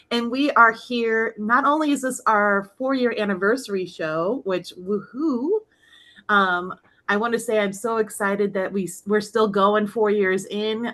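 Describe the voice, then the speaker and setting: A woman's voice: mid-range voice, fairly bright tone. Upbeat woman hosting a script reading. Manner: laughs often, upbeat. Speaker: host and narrator of an online script reading. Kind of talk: casual hosting, then reading stage directions.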